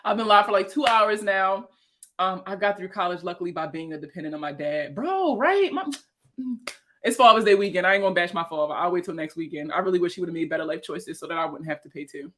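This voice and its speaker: A woman chats casually on a livestream, rambling from topic to topic. She swears freely and laughs easily, and her voice is bright and forceful. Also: on the low side, expressive, fast talker. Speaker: personal finance creator and veteran.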